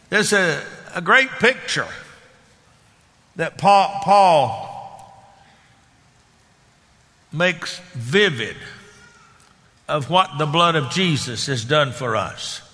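A man's voice: on the high side, lively intonation, drawn-out words, long pauses, bright, forceful tone, in a large hall. A man preaching a sermon as pastor, in a folksy, conversational way with down-home grammar.

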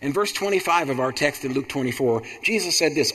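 A man's voice: fairly high pitch, lively intonation, brisk, hardly any pauses, a bit bright, slightly rough. A man preaching a sermon in a repetitive, rhythmic cadence that builds to emphatic bursts. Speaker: pastor. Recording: long hall reverb.

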